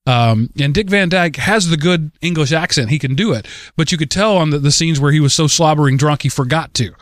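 A podcast co-host chats casually, rambling and frequently restarting sentences with stammered repeats. His voice is on the high side, a little fast and somewhat bright, recorded at studio quality with no room sound.

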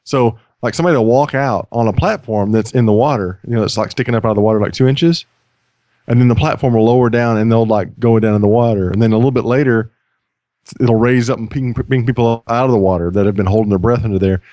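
A man's voice: mid-range voice, quick pace, warm tone, no room sound. A man co-hosting a casual comedy podcast, a chatty storyteller who playfully interrupts, heard on a close mic. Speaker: podcast co-host.

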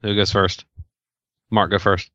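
A man's voice: fairly low pitch, flat delivery, a little slow, sharp tone, no room sound, dull audio. A man co-hosting a casual podcast, trading dry, joking banter. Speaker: podcast co-host.

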